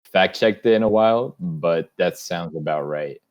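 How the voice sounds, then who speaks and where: Low-voiced young man chatting on a podcast. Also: normal speed. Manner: rambling, swears casually, many restarts. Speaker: podcast co-host. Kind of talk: casual podcast chat.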